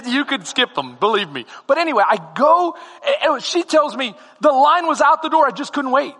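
A man preaching a sermon as comic storytelling, animated and now and then breaking into shouts. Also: very high-pitched, moderate pace, hardly any pauses, long reverb tail. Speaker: pastor.

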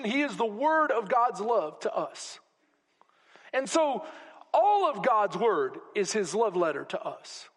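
A man preaching a sermon as pastor to a congregation, swinging between loud exclamations and hushed asides. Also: extremely high pitch. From Texas. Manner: preaching with rising shouts and sudden quiet drops. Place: church sanctuary. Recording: long hall reverb.

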